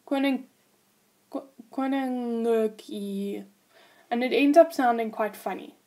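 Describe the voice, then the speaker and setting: A woman's voice: high-pitched, brisk, darkish tone. A woman teaching a language lesson, patiently explaining grammar rules and spelling words out letter by letter.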